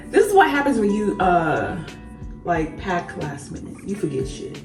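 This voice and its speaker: Young woman beauty vlogger, casual storytime, swears and says y'all; slightly low voice, roomy echo and faint music underneath. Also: moderate pace, distant mic. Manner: animated, swears freely, addresses viewers as y'all. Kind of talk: casual storytime while doing makeup.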